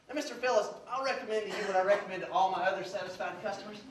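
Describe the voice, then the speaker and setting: A man's voice: sits high, steady tone, fast, hardly any pauses. Slick, pushy stage salesman voice. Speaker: salesman character in a sketch. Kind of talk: live sketch comedy on stage. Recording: roomy stage sound from far off with hiss.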